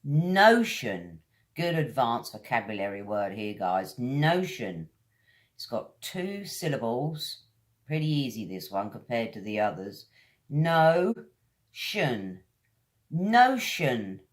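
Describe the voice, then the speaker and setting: Slow-paced British woman teaching pronunciation. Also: rumbling low, very animated. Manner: slow, drawn-out drills of each word. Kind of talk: vocabulary lesson.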